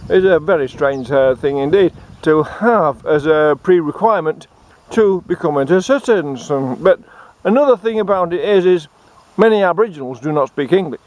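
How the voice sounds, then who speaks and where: A man's voice: a little high, animated, normal speed, a little mellow. Sarcastic Australian man giving mock advice. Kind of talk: satirical monologue.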